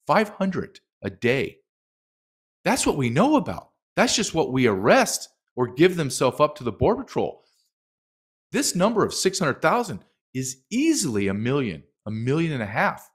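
A man's voice: on the high side, wildly swooping pitch, moderate pace, husky. A middle-aged man speaking as a documentary filmmaker guest in a heated interview, emphatic and impassioned, acting out quotes.

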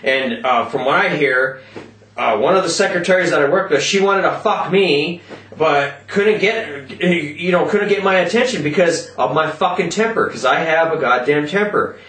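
A man ranting loudly in a vlog, cursing constantly and yelling as he talks, in a roomy echo from a distant mic. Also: fairly high pitch, moderate pace. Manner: profane, loud, yelling rant. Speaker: vlogger.

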